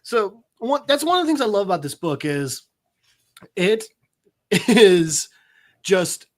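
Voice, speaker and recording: A man in his thirties, a podcast co-host, retelling a comic book in casual chat and acting out the dialogue in quick voices with frequent laughs. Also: high voice, very animated. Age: 30s.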